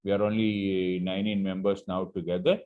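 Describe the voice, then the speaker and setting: A man's voice: deep voice, level tone, narrow, tinny audio. A man with a Telugu accent, a college teacher explaining English idioms in an online class, switching between languages and acting out shop customers. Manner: rapid, mixes languages, acts out shop customers.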